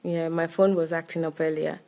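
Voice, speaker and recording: A woman's voice: low voice, flat delivery, brisk, dark tone. A woman co-hosting a live question-and-answer talk, reading viewer comments and reacting openly.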